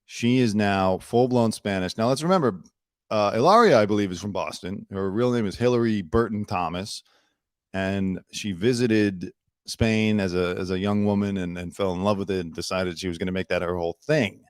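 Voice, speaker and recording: A man's voice: fairly low pitch, normal speed, clear, resonant tone, no room sound, studio quality. A man hosting his own news commentary show, chatty and opinionated with sarcastic asides. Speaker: host.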